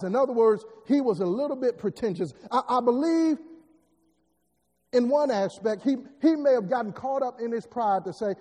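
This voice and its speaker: A man's voice: very high voice, expressive, moderate pace, a little mellow. A man preaching a sermon, repeating words and building emphatic rising lines. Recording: long hall reverb.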